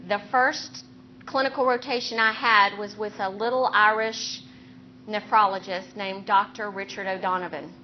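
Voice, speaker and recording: A woman speaking as a neurosurgeon and clinical teacher in a faculty lecture, earnest and steady, drawing on her own stories. Her voice sits at a middle pitch for a woman. The recording is a little dull, with faint noise in the background. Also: normal speed. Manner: earnest, anecdotal, steady explaining tone.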